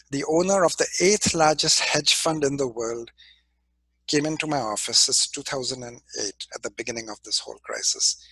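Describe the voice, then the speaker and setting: A male business school professor from India giving a classroom lecture, emphatic and animated, acting out quoted people, clearing his throat from allergies. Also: medium pitch, dry recording, rough recording.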